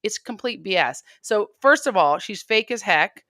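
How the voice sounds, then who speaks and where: A woman guest on a political chat show, talking in a blunt, emphatic way and quick to mock. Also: medium pitch, lively intonation, sharp tone, dry recording, studio quality. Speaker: guest commentator.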